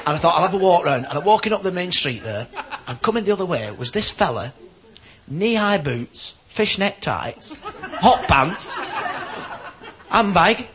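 A man telling jokes on stage in a stand-up routine, with quick punchlines and acted voices. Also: sits high, sing-song, fairly bright tone. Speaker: comedian. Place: comedy club stage before a live audience. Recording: live club recording, noisy crowd laughter.

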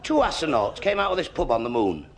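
Gravelly comic telling one-liners. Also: male voice, a little high, sing-song. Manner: quick one-liner delivery. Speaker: stand-up comedian. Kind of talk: stand-up joke telling. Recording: live club with faint crowd.

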